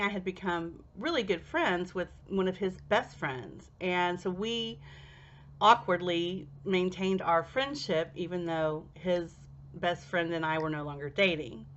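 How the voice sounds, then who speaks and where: A young woman telling a personal anecdote in an animated way, laughing and jumping into high squeals when she acts out her past self. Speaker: storyteller. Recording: slightly dull lo-fi recording.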